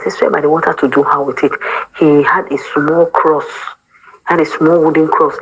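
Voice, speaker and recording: A woman's voice: deep voice, fairly quick, slightly rough, rough recording. A young woman from Cameroon, giving an emotional personal testimony about her time in a church choir, acting out what other people said and mixing pidgin words into her English. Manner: animated storyteller who acts out the quoted speech of others. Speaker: former church choir member.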